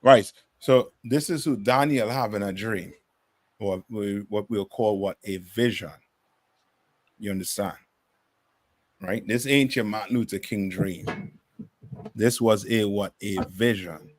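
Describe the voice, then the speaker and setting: A man's voice: lowish voice, a little slow, pauses often, dry recording. Emphatic man preaching to a class. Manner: emphatic, many rhetorical questions. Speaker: class teacher.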